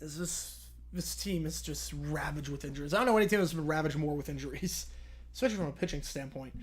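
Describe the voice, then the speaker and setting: A man's voice: on the high side, fast talker, breathy edge. A young man hosting a live stream, chatting casually with viewers and answering their questions, rambling and correcting himself, drowsy and yawning.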